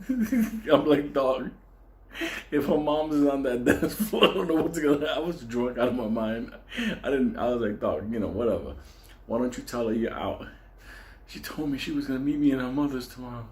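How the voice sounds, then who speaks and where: Laughing often as he goes, a Puerto Rican man recounts a wild night at a club with casual profanity and comedy. He speaks at a normal speed in an expressive, medium-pitched voice, and the recording has a roomy echo with faint ambience.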